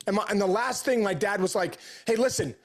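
Brief: middle-aged male guest, high-pitched for a man, eager and earnest, stumbles and restarts as he tells his story. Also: fairly quick, fairly bright tone. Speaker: podcast guest. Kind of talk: storytelling in conversation.

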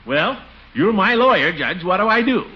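A man's voice: big pitch swings, moderate pace. An actor playing a pompous, flustered middle-aged bachelor uncle in a 1940s radio comedy, his voice full of blustery swoops. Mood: exasperated. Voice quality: blustery, with big swoops in pitch. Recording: dull, hissy 1940s radio recording.

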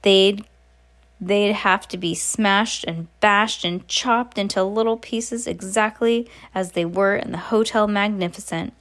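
A determined old grandmother bursts out her plans in brisk exclamations, as a woman reading a storybook aloud puts her on. The voice sits at an ordinary middle pitch, and the telling has the feel of a storybook read aloud. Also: steady tone, a bit bright. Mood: excited. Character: excitable, bossy old grandmother.

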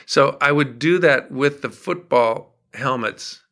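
A middle-aged songwriter from Minnesota, chatting as an interview guest and telling animated stories. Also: male voice, mid-range voice, takes it slowly, gravelly. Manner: animated storyteller, acts out quotes. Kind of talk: casual interview chat.

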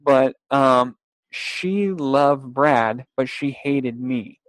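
Young guy rambling thru a story, lots of restarts, dry close mic, mid pitch. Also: drawn-out words, no room sound. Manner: rambling, with restarts, laughs and acted-out quotes. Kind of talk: casual storytelling.

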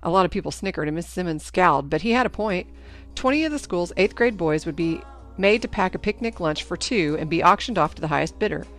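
Woman, audiobook narrator, first-person story, even delivery, faint music behind. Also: lowish voice, fast talker.

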